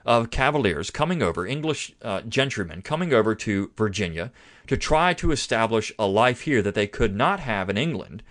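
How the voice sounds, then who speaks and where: A man with a fairly low voice delivers a history lecture on his podcast, his pitch rising and falling in a lively way as he stresses his points. He talks like a teacher addressing students, loose and conversational, with plenty of "uh"s and restarted phrases. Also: normal speed.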